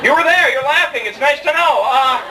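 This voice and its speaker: A man's voice: very high voice, a little fast, sharp tone, slight background noise. A young man performing a rambling, self-mocking stand-up comedy set, joking with the crowd in a club. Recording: distant mic in a live club, faint room ambience.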